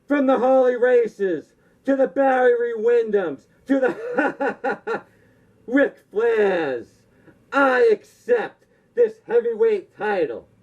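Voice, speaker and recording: A man's voice: very high voice, animated, slow pace, darkish tone, voice pushed up, exaggerated voice. A man impersonating a boastful male wrestling champion, proclaiming defiantly in a dull, lo-fi recording.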